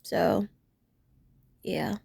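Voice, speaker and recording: A woman's voice: extremely slow, a little mellow, no echo. A woman chatting casually as she reviews a cartoon episode, rambling and restarting her sentences as she gushes about it. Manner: gushing, acts out characters' lines in voices.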